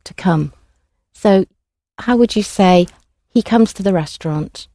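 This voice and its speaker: A woman teaching a language class, prompting students clearly and patiently. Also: medium pitch, unhurried, dark tone, dry recording, clean studio sound. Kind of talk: classroom instruction.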